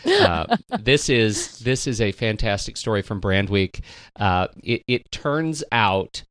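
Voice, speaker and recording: A man's voice: on the low side, sing-song, takes it slowly, fairly bright tone, dry recording, clean studio sound. A man co-hosting a casual marketing podcast, telling a story wryly and reading quotes aloud. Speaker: podcast co-host. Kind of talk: casual chat.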